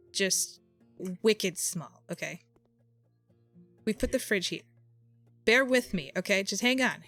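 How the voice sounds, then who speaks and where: In a mid-range, fairly bright voice, a woman chats with viewers while live-streaming a game. She thinks aloud in a casual, exasperated way.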